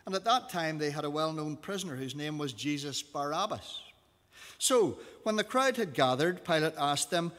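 A man's voice: fairly high pitch, sing-song, normal speed, fairly bright tone. A man reading scripture aloud to a class, giving the quoted lines expression. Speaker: teacher. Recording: long reverb of a hall.

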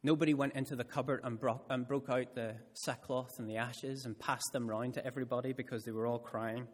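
A man preaching a sermon who tells stories with expression and slows right down to stress key words. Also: mid-range voice. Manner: expressive storytelling delivery, slowing down for emphasis. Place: church hall. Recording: church hall with long reverb.

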